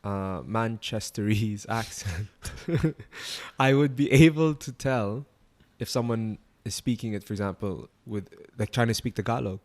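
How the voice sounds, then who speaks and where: A man's voice: lowish voice, unhurried. A man co-hosting a podcast, chatting playfully with joking asides. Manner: playful, animated, jokey interjections. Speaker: podcast co-host. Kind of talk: casual chat.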